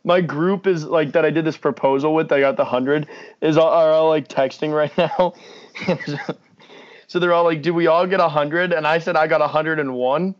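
A man's voice: a little high, fairly even intonation, normal speed. A young man co-hosting a casual sports podcast, blunt and ranting, swearing freely. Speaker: podcast co-host. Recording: dull lo-fi podcast mic.

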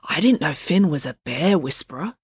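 A woman reading aloud, voicing a bubbly, excitable young girl in a storybook. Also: deep voice, normal speed, breathy edge, dry recording, clean studio sound, full character voice. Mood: amazed. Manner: gushing, bubbly.

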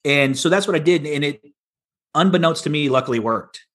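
A man's voice: on the high side, brisk. A man, a podcast guest telling his business story in a plainspoken, folksy way. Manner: folksy, plainspoken, animated retelling. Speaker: podcast guest, land investor. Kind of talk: casual storytelling interview.

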